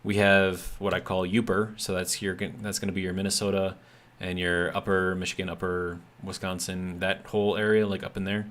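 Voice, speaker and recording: A man's voice: deep voice, flat delivery, moderate pace, fairly bright tone. Rambling Midwestern man streaming a game. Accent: American Midwestern. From American Midwest. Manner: rambling, filler-heavy, bemused asides. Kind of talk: casual gameplay commentary.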